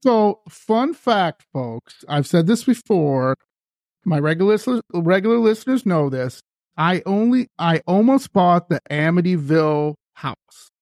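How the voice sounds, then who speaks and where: A man hosting a podcast, telling a story in casual chat, animated and laughing often. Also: high voice, a little slow, dry recording, studio quality. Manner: animated, laughs often, acts out quoted voices. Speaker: podcast host.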